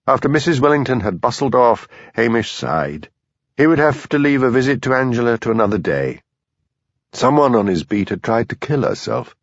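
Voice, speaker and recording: A man narrating an audiobook in an expressive, animated way. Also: medium pitch, no echo. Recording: dull dry lo-fi audio.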